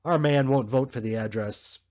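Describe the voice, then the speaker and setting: A man's voice: mid-range voice, normal speed, a little mellow, natural voice. A man doing a weary canvasser. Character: weary young male canvasser. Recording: slightly muffled recording.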